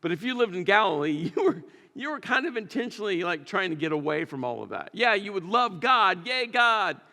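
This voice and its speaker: A man's voice: high-pitched, big pitch swings, brisk, pushed and bright, long reverb tail. A man preaching a sermon in a conversational, storytelling way, with emphatic repetitions. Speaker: pastor. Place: church sanctuary.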